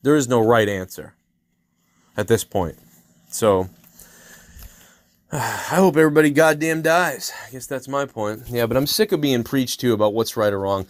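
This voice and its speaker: A podcast host in his thirties delivering an angry, heavily profane solo rant, swearing constantly and working himself up into loud outbursts. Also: medium pitch, animated, moderate pace, long pauses.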